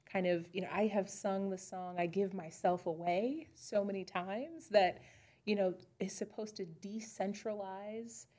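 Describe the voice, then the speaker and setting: Woman pastor on a podcast, mid pitch, thinking out loud, lots of restarts. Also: steady tone, unhurried. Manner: thoughtful, searching, with restarts. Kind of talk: casual faith chat.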